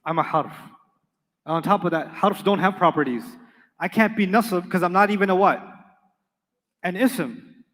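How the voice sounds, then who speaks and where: Guy doing a chill slangy particle dude, kinda high voice, echoey hall. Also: normal speed, long pauses, a bit bright. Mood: matter-of-fact. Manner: casual, slangy, matter-of-fact. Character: Arabic particle as a laid-back bro.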